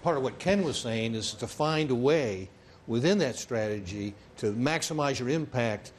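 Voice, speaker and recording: A man speaking in a board meeting, measured and a little hesitant. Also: mid-range voice, lively intonation, slight background noise.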